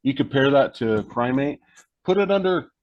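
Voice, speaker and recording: A man speaking as a guest in plain, blunt, emphatic terms, with casual slang and the odd curse. His voice sits at an ordinary pitch. The audio is dry and dull, with a lo-fi quality. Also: lively intonation, moderate pace, no room sound. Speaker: guest, hunting guide and tracker. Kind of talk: casual conversation.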